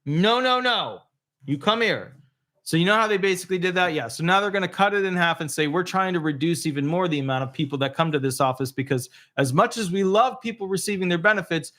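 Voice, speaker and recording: A man's voice: on the high side, fairly bright tone. A middle-aged man, a disability attorney, explaining benefit changes in a rambling, casual way and breaking off to coo at his dog.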